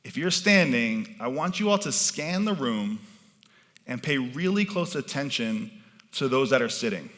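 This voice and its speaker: A man's voice: medium pitch, lively intonation, a little slow, a bit bright. A man performing as a mentalist, leading a live audience through a participation game from an event stage with commanding, playful patter.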